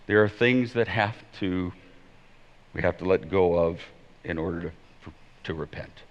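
A man preaching a sermon as pastor, emphatic and swinging between loud declarations and hushed pleading. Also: deep voice, measured pace. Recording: dull sound in a long-reverb hall.

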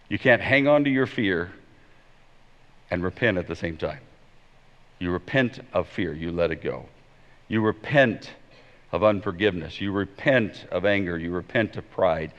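A man preaching a sermon as pastor, emphatic and swinging between loud declarations and hushed pleading. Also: low-pitched, measured pace, long pauses. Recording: dull sound in a long-reverb hall.

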